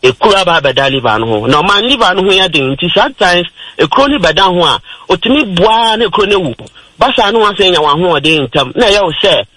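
A man's voice: high-pitched, expressive, quick pace, pushed and bright, slightly rough, no echo, rough recording. A Ghanaian man presenting a radio health talk, explaining step by step and mixing in English terms. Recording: radio broadcast.

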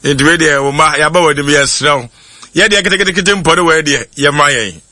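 A man's voice: a little high, quick pace, sharp tone, no room sound. A man with a Ghanaian accent, hosting a casual chat and laughing often as he mixes English words into his talk. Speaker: show host.

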